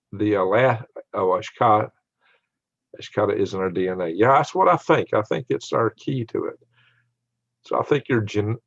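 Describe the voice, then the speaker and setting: Gravelly older man chatting with viewers. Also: on the low side, no echo, lo-fi sound. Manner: rambling, laughs often, answers viewers by name. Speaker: channel host reading live chat. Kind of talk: casual livestream chat.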